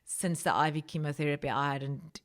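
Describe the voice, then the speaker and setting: Woman guest from South Africa, low voice, conversational testimony, emotional. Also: fairly even intonation, fairly quick. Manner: emotional, rising pitch when recounting prayer. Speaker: podcast guest.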